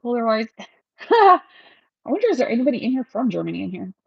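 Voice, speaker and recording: A chatty woman hosts a casual livestream with a slightly high voice, wandering from thought to thought and breaking into laughs as she goes. The sound is a bit muffled and lo-fi. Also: very animated, quick pace, creaky, husky, no room sound. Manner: chatty and rambling, laughs often. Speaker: realtor hosting a livestream.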